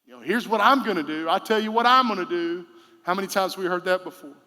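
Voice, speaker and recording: A male pastor, preaching a sermon in a conversational style with sudden loud, emphatic bursts. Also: high voice, quick pace, big-room sound. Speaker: senior pastor. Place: church sanctuary.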